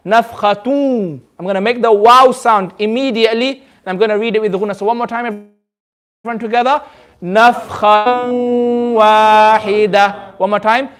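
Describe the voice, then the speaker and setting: Leading Quran recitation for a group in a community centre classroom, a high-voiced man explains tajweed rules with patience and frequent repetition. He recites slowly, stretching each word, and the class responds in turn.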